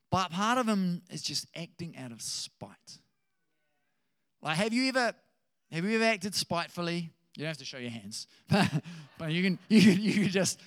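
A man preaching a sermon in a conversational, animated way, with chuckling asides to his listeners. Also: high-pitched, no room sound, clean studio sound.

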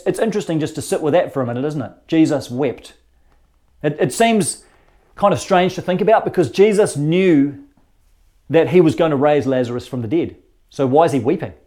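Earnest man preaching, mellow voice. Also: on the high side. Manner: earnest, conversational storytelling with repeated words. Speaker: pastor. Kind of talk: sermon.

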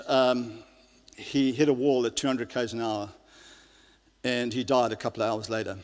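Man preaching in a reverberant hall. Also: medium pitch. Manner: earnest preaching, many restarts and fillers. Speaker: pastor. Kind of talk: sermon. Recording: long reverb of a large hall.

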